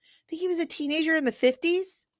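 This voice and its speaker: A woman in her forties with a Midwestern American accent, hosting a casual pop culture chat in an animated, ranting, jokey way. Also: extremely high pitch, fast, dry recording, clean studio sound. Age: 40s. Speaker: pop culture news host.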